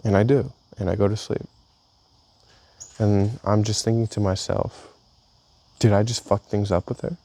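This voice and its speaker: A young man casually reading his personal journal aloud, telling a story with halting restarts. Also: fairly low pitch, fairly even intonation, dark tone. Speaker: vlogger.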